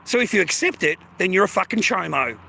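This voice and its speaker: A man's voice: sits high, big pitch swings, fairly quick, creaky, sharp tone, slight background noise. An Australian man hosting a livestream, delivering an aggressive, taunting rant full of swearing. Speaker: livestream host.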